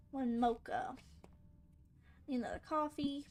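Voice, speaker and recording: A young woman with a high voice chats casually through a game, teasing and sassing the characters on screen. Her commentary is playful, quick to joke and quick to complain. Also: animated, a little hiss or hum. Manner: playful, sassy, talks back to game characters. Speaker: gaming channel host.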